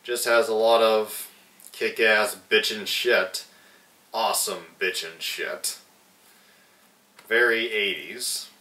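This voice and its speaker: A young man reviews a film for a casual vlog at an unhurried pace, his talk profane, meandering and full of restarts. His voice sits on the low side, steady yet bright and forceful. Echo in the room and a far-off mic push him back in the sound.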